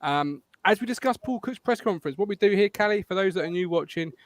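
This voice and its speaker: A man hosting a casual football podcast, chatty and quick to laugh, reading out viewer comments. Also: sits high, lively intonation. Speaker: podcast host. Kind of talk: casual live-stream chat.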